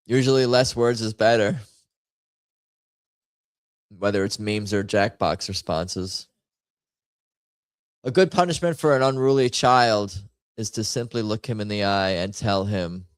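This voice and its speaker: A man's voice: lowish voice, measured pace, pauses often, smooth, no echo, studio quality. A man hosting a live stream, rambling and joking to himself while he plays a party word game. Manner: rambling, jokey, self-mocking commentary. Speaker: stream host playing party games. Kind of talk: casual game-stream chatter.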